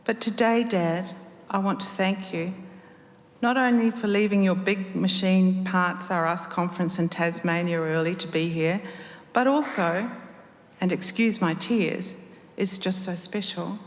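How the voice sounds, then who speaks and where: Woman reading as a weepy theatrical young man, breathless, pleading, raised pitch, roomy hall. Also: a little slow, natural voice. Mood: emotional speech. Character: tearful young male cabaret singer, dramatic.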